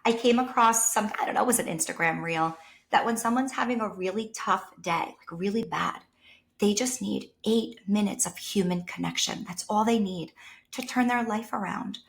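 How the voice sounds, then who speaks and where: A woman teacher with a New York accent, a podcast guest telling lively personal stories and acting out the people she quotes. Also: medium pitch, moderate pace, vocal fry. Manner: animated storyteller, voices quoted people, sometimes drops to a whisper. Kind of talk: casual conversation.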